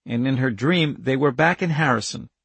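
A man narrating an audiobook in a measured, even storytelling manner. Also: medium pitch, creaky, husky, no room sound. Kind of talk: scripted narration.

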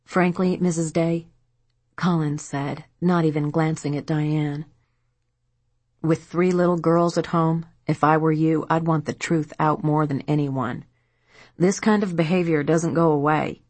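Woman reading as male police detective, stern, blunt, firm measured questioning, low husky voice, dry close audiobook sound. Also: steady tone, a little mellow, no room sound. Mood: grave. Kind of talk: audiobook character voice.

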